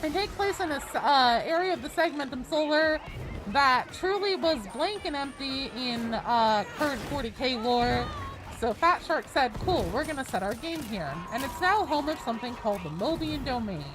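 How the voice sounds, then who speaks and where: A woman's voice: sits high, animated, normal speed, music in the background. A woman game streamer in casual live-stream chat, rambling with many fillers as she explains game lore. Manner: nerdy, rambling, full of fillers.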